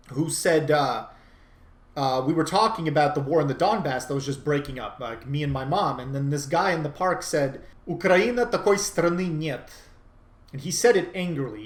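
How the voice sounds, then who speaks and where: A man's voice: a little high, roomy sound. A man delivering an opinionated monologue, emphatic and insistent, often repeating and restarting phrases. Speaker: commentator. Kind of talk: unscripted monologue.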